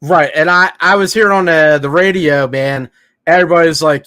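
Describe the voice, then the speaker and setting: A man's voice: on the high side, moderate pace, sharp tone, dry recording, clean studio sound. A man co-hosting a casual sports podcast, talking in a laid-back, hesitant way full of "man" and "dude.". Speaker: podcast co-host.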